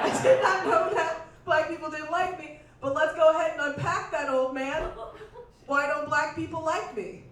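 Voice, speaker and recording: A woman works a club crowd with a stand-up set, her voice high and bright. She plays with the room and slips into exaggerated voices for the people she quotes. The mic sits some way off, and the club room rings with strong echo. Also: far from the mic, slight background noise. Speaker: stand-up comedian. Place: comedy club stage. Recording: echoey club room miked from afar. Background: audience laughter.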